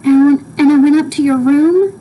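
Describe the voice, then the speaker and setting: A woman's voice: sits high, moderate pace, mellow, slight background noise, voice pushed up, lightly acted, rough recording. A woman voicing an anxious, tearful mother who speaks pleadingly. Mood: anxious, tender. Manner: pleading, emotional.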